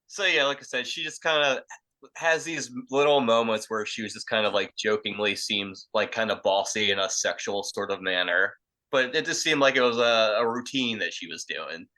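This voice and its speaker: A man's voice: on the low side, moderate pace, poor audio. A young man casually telling a crude story, rambling and profane, full of fillers. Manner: rambling, profane, filler-heavy, acts out quotes loudly. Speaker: podcast storyteller.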